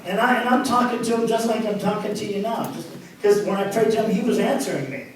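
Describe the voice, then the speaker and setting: A man's voice: high-pitched, fast talker, hardly any pauses, slight background noise. A pastor telling his personal testimony, a man recounting the story with laughs between phrases. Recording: very echoey, distant microphone.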